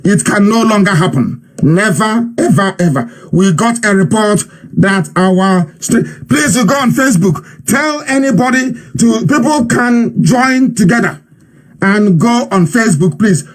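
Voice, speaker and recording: A man's voice: sits high, animated, a little slow. A man with a Nigerian accent giving an impassioned live radio broadcast, mocking and repeating himself for emphasis.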